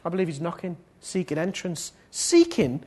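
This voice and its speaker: A man preaching a sermon and leading prayer, swinging between loud pleading appeals and soft, low passages. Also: normal speed, breathy edge.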